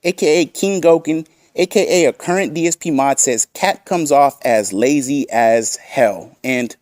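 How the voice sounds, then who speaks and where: In clean studio sound with no room ambience, a man with a darkish, mid-range voice hosts a commentary channel. He's combative and foul-mouthed, reading out chat quotes just to mock them.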